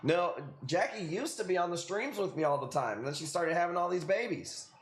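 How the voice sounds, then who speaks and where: This coral-selling livestream host, an Illinois man with a Chicago accent, talks in a high voice with lively intonation at a slightly fast pace. His manner is casual, rambling and chatty, full of fillers and frequent laughs, recorded in an echoey room with faint noise.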